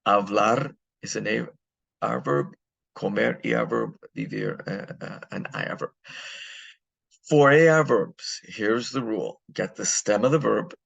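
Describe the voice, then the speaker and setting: A man's voice: lowish voice, measured pace, vocal fry, a bit bright, slightly rough, no echo, lo-fi sound. A man teaching a recorded grammar lesson, explaining step by step and answering his own questions. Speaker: Spanish teacher.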